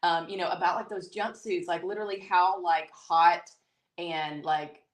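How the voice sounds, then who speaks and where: A woman's voice: lowish voice, fairly even intonation, normal speed. A woman with a Southern US accent from East Tennessee, co-hosting a casual livestream and greeting viewers in a chatty way, full of "like" and "um". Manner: chatty, many "like" and "um" fillers. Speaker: co-host of a livestream. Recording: echoey room.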